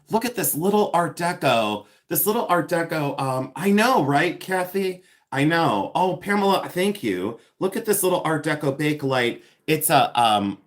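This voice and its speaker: A middle-aged man hosting a chatty live-stream jewelry unboxing, gushing over finds, greeting viewers by name and laughing often. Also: a little high.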